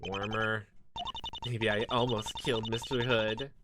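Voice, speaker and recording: A man doing an eerie deadpan young woman. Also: fairly low pitch, measured pace, heavy background noise, close to an everyday voice. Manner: flat, deadpan, cryptic.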